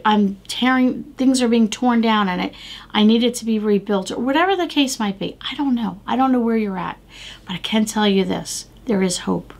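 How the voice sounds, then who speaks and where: A woman's voice: mid-range voice, creaky. A middle-aged woman hosting a devotional podcast, talking earnestly and exhorting listeners with repeated phrases. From United States. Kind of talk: devotional talk.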